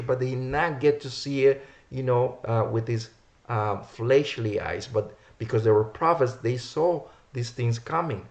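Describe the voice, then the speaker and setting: A man preaching a sermon, reading verses aloud and repeating key words for emphasis. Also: medium pitch. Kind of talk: sermon teaching from scripture.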